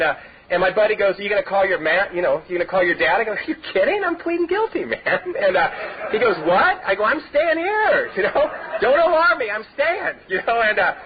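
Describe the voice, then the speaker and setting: Recorded on dull lo-fi tape in a meeting hall, a middle-aged man from Southern California speaks at a recovery meeting with a personal testimony. His voice is high-pitched and husky, and he rambles, saying "you know" often and laughing through his own stories.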